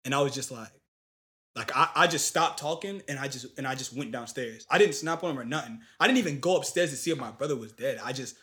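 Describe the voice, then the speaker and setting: A young man in casual chat, telling a long story in animated, slangy talk with lots of fillers. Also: medium pitch, fast.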